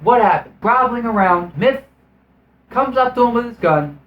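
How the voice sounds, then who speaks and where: A man's voice: very high-pitched, lively intonation, normal speed, roomy sound, highs cut off. A man giving a casual film review in a profane, sarcastic, exasperated rant. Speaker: movie reviewer.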